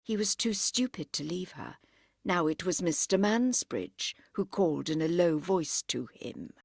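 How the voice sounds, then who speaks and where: A woman narrating a classic novel as an audiobook, measured and expressive. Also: fairly low pitch, vocal fry, husky, no echo, studio quality.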